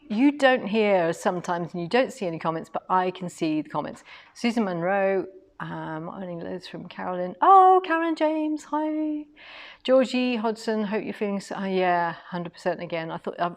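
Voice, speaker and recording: Chatty English woman hosting a live stream. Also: mid-range voice. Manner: chatty and lively, reading out viewer comments. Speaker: quilting shop host.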